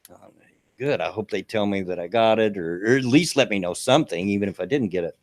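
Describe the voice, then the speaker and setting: Older male co-host, low-pitched, folksy rambling delivery. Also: quick pace. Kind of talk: casual chat.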